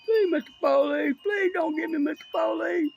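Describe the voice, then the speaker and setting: A frightened arrested man wails and begs in a high, whiny falsetto, as a man mocks him. The voice sits far above the mimic's own and wobbles as if close to tears. The lo-fi phone audio sounds dull. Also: normal speed, creaky, darkish tone, full character voice. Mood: pleading.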